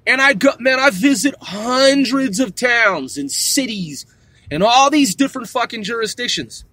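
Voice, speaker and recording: High, bright-voiced man ranting. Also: lively intonation, moderate pace, no room sound. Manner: heated, emphatic, swearing constantly, calls people "man" and "dude". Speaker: vlogger. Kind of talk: profane ranting monologue.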